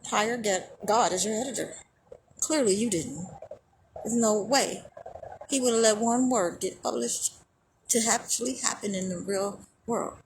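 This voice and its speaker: Woman venting hard and cursing, high voice that swoops all over, steady background noise. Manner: heated, swings between loud outbursts and hushed muttering. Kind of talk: angry profane monologue. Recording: noisy background hum.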